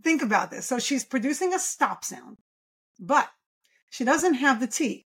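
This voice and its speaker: Enthusiastic woman clinician, higher pitch. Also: lively intonation, unhurried, fairly bright tone, slightly rough. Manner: enthusiastic, emphatic, explains with rhetorical questions. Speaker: pediatric speech-language pathologist guest. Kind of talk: podcast interview.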